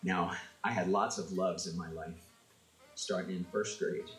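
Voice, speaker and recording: A man from an Italian-American family telling comic stories in an animated way, acting out voices as he goes. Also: low voice, measured pace, roomy sound, soft background music, low-quality recording. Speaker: storyteller. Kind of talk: comic storytelling.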